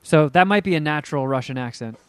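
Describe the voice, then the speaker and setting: A man's voice: a little high, animated, quick pace, smooth, dry recording. A man in casual podcast chat, teasing with crude jokes and telling rambling stories.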